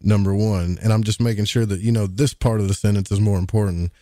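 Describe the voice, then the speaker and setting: A man's voice: fairly low pitch, fairly even intonation, fast talker, mellow, no room sound, studio quality. A man, co-hosting a podcast in casual, rambling chat with jokes. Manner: folksy, rambling, jokey. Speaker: podcast co-host.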